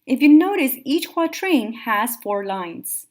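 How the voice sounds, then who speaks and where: A woman's voice: high-pitched, takes it slowly. Woman teacher giving methodical lecture notes. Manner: clear, methodical, steady explaining. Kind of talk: recorded classroom lecture notes.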